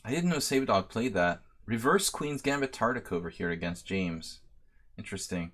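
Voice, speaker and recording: Streamer, man, late thirties, lowish voice, rambling, self-deprecating jokes between game calls. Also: lively intonation, moderate pace, fairly bright tone. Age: 30s. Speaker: chess master giving a simul. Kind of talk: live-stream commentary.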